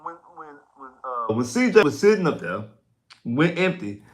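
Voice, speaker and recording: Man, sports livestream host, excitable, repetitive, stumbling, postgame chat. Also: mid-range voice, moderate pace. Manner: excitable, repeats himself, stumbles over words. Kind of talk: casual postgame sports talk.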